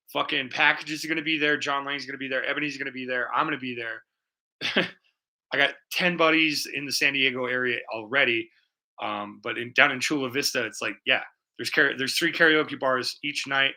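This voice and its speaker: A man's voice: medium pitch, pushed and bright. A man hosting a painting livestream, rambling in casual, profane, jokey chat with his viewers. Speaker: livestream art host. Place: home studio.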